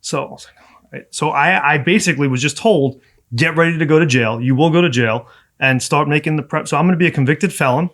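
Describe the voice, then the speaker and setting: A man in his thirties, a podcast guest, recounts his story in a casual, animated way. His voice sits a little high for a man, and he slips into the voices of the people he quotes. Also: fast talker.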